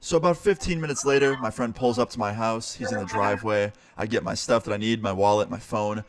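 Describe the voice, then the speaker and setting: A man's voice: fairly low pitch, brisk, no room sound, studio quality. A young man, a streamer, casually telling a story and swearing now and then. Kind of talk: storytime narration.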